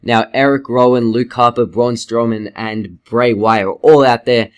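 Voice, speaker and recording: A man giving a casual, rambling video review, excitable and swearing freely. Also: medium pitch, unhurried, clear, resonant tone. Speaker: wrestling reviewer.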